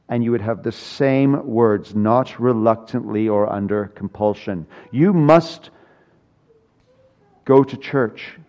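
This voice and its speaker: A man's voice: mid-range voice, highs cut off. An older man preaching a sermon as pastor, earnest with dry humor and emphatic repetition of key lines.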